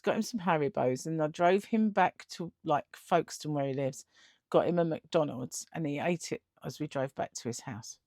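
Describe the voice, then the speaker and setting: A woman's voice: sits low, normal speed, a little mellow, dry recording, studio quality. A middle-aged woman telling a story in a casual vlog, chatty and laughing often, acting out the other people in it. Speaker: vlogger.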